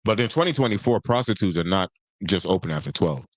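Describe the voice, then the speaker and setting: Host, male, casual storyteller, average pitch, dry close mic. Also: fast, no room sound. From Nigeria and the US. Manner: animated storyteller, acts out quotes. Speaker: podcast host. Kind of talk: casual chat.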